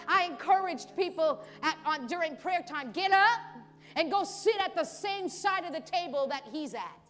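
High-voiced woman preaching over music. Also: in a large hall. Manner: animated, acts out pleading voices, laughs often. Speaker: pastor. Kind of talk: sermon. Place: church service.

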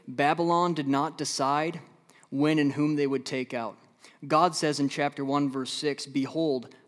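A man preaching a sermon as a pastor, from the American Midwest, swinging between loud emphatic stretches and low, slow, quiet passages. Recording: long hall reverb.

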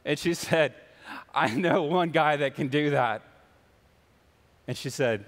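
A man's voice: medium pitch, steady tone, measured pace, pauses often, in a large hall. A man preaching a sermon in a church, telling a story and acting out the voices of the people in it. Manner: storytelling, acts out the voices in his anecdotes. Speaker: pastor. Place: church sanctuary.

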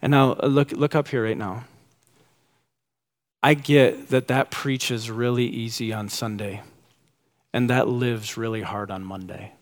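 A pastor in his thirties delivers a sermon with animation, his voice climbing high and excited whenever he acts out quotes. He speaks unhurriedly, leaving long pauses.

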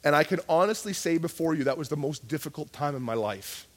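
A middle-aged pastor preaches in an easy, conversational way, his voice sitting a little high for a man. He acts out his prayers, rising loud and then dropping to a hush. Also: expressive, fast. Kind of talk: sermon.

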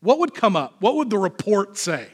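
A man's voice: high voice, sing-song, normal speed, slightly rough. A man, a pastor, preaching a sermon in a conversational, self-deprecating way.

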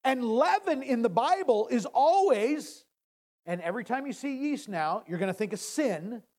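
A man preaching a sermon. He paraphrases scripture casually and swings from loud declarations to hushed words. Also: very high voice, expressive. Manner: dramatic swings from loud to hushed, slow emphatic phrasing. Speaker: pastor.

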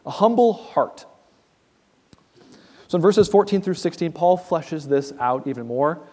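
A man's voice: a little high, lively intonation, moderate pace, darkish tone. A man preaching an expository sermon as a pastor, talking in an earnest, conversational way that often restarts mid-sentence. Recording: long reverb in a large hall.

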